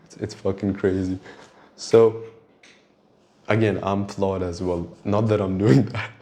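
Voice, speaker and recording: Young male podcast host, lowish voice, rambling and reflective, casual swearing. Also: flat delivery, unhurried, long pauses, mellow. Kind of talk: casual monologue.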